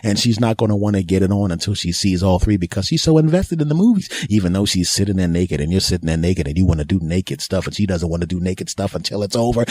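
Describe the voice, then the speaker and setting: A man rants his way through a rambling comic monologue, dropping into short acted-out voices and sudden loud asides. His voice sits very low, with a dark, mellow tone. The sound is close and dry. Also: husky, no echo. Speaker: podcast host. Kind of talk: comedic monologue rant.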